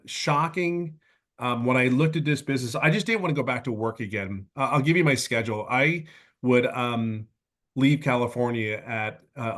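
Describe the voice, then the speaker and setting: A man's voice: mid-range voice, a bit bright. Earnest man in his fifties. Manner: earnest, heartfelt storytelling with halting restarts. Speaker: webinar guest speaker. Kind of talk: personal testimonial talk.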